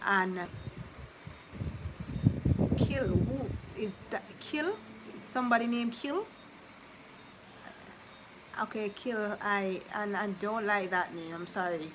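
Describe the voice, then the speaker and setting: A woman's voice: medium pitch, slow pace, long pauses. A woman chatting casually with viewers on a live stream, consoling some and teasing others. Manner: chatty, consoling then teasing, drifts between topics. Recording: noticeable background noise.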